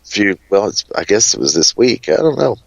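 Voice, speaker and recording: A man's voice: lowish voice, big pitch swings, moderate pace, vocal fry, no echo. A man from Kentucky with a Southern accent, telling stories as a guest in a casual interview in a chatty, flamboyant way. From Kentucky, USA. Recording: dull, dry lo-fi sound.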